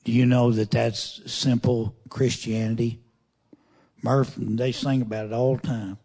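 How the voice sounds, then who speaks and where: A man's sermon alternates between reading scripture aloud and folksy, conversational commentary, with pointed questions aimed at the congregation. His mid-range voice is warm and slightly rough, with little pitch movement and a slightly slow pace.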